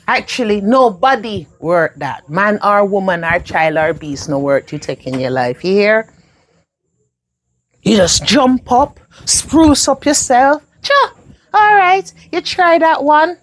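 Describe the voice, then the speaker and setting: An actress playing a protective older mother in a Jamaican film, speaking in patois with emphatic, animated delivery. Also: mid-range voice, takes it slowly. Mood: rallying. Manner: emphatic, animated, scolding and comforting. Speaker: actor in a film.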